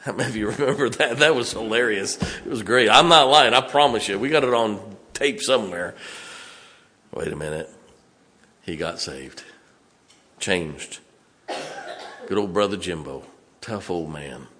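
Male pastor, very low voice, folksy sermon stories, faint room hiss. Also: unhurried, pauses often. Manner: folksy, swings from loud to hushed. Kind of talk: storytelling sermon. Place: church sanctuary.

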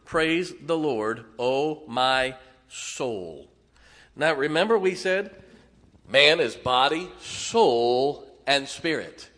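A pastor with a voice on the high side preaches a lively sermon, peppering his congregation with rhetorical questions, asking "amen?", and adding homely humor.

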